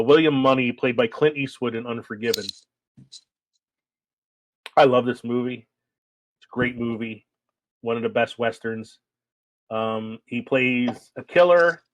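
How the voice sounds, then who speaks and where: Laughing podcast co-host, dry sound. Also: male voice, medium pitch, no echo, rough recording. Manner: laughs often, puts on quoted voices. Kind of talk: casual chat.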